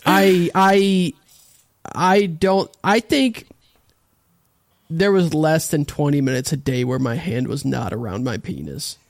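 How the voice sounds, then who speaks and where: A man's voice: on the high side, takes it slowly. A man joking in casual chat, laughing often.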